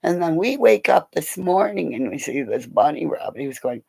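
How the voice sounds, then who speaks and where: Her voice is low and gravelly, slightly rough, at a normal speed, heard through poor audio. This middle-aged woman rambles through animal stories on a livestream in a casual way, laughing, cursing and jumping excitedly between them.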